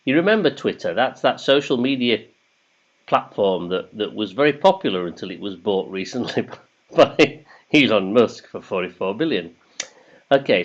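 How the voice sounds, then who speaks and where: A man's voice: on the low side, big pitch swings, moderate pace. A man hosting a casual quiz, chatty and jokey, reading questions in English and then in German. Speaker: quiz host. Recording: dull lo-fi sound.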